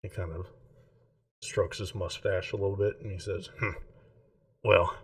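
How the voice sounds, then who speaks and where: Low-voiced man narrating a tabletop game. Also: normal speed, far from the mic. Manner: relaxed, rambling, many fillers. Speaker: game master.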